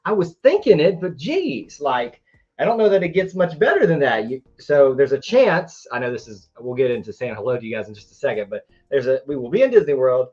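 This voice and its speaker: A man co-hosting a live trivia show, chatting casually and excitably, jumping from one thought to the next. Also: medium pitch, brisk, lo-fi sound. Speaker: co-host of a Disney trivia show. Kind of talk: casual livestream chat.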